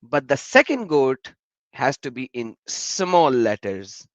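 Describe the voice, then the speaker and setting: A man's voice: medium pitch, slow, dry recording, low-quality recording. A man hosting a live stream in casual chat, telling stories animatedly and talking to viewers in the chat. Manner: animated, laughing storyteller who addresses chat viewers.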